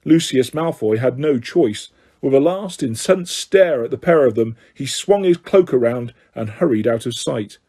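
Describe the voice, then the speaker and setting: A man narrating an audiobook in a steady reading voice. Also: mid-range voice, moderate pace, breathy edge. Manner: steady reading, occasional self-corrections. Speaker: audiobook reader.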